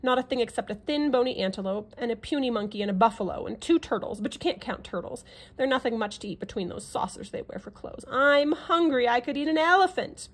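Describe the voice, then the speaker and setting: A boastful, hungry lion from a children's picture book, read aloud by a woman, complains that he could eat an elephant. He roars and grumbles his words slowly. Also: on the high side, natural voice. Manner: roaring, grumbling.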